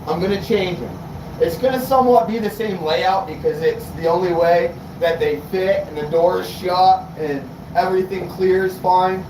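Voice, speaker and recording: A man's voice: high voice, normal speed, few pauses, background noise. A man from New England chatting casually on a livestream, rambling and swearing, fired up. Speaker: car audio livestreamer.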